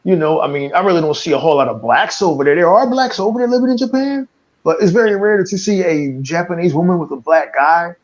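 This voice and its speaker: High-voiced American man ranting, lo-fi. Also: fast talker. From United States. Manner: profane, stammering restarts, laughs at his own jokes. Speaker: podcast host. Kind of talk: casual opinionated chat.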